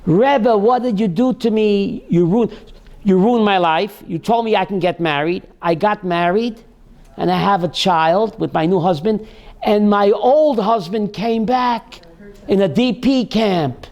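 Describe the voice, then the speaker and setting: A man's voice: sits high, unhurried, darkish tone, highs cut off. A man playing a distraught woman who accuses her rabbi. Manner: pleading, accusing, repeating herself.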